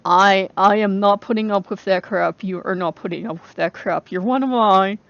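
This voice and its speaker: A woman speaks as a protective, mischievous male trickster god. He is blunt and indignant, with a gravelly grain and a middle pitch. The recording sounds dull and lo-fi. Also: moderate pace, a bit bright, no echo, lightly acted.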